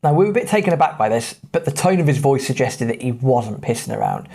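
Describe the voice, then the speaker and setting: An English man in his thirties tells travel stories with a medium-pitched voice. He talks in a loose, chatty way, blunt and quick with a dry jab. He sounds like a podcast host looking back on an old trip. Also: sing-song, a little mellow. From England. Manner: chatty and blunt, with British slang. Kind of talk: casual travel storytelling.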